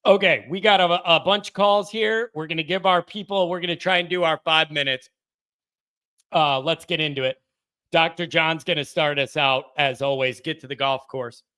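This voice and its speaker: A man hosting a casual call-in sports show, excitable, bantering with callers and reading chat messages aloud. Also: a little high, moderate pace, smooth.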